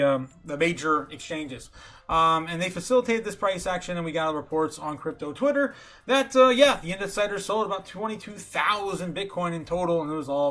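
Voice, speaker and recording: A man hosting a casual livestream, talking excitably with lots of fillers and chuckles. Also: a little high. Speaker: livestream host.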